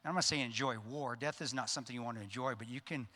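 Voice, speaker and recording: Intense bright-voiced man telling a war story. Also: mid-range voice, very fast. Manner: intense storytelling that drops to a hushed voice at solemn moments. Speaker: keynote speaker. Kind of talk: motivational war story told on stage. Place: large conference hall. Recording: reverberant event hall.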